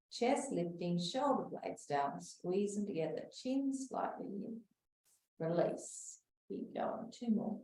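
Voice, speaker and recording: Female instructor, calm and steady cueing, dark mellow tone, recorded far off mic in a roomy space. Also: mid-range voice, gravelly. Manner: calm, slow cueing of breaths with soft whispered moments. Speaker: exercise class instructor. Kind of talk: guided breathing and back-care class. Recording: echoey room, voice from far off the mic.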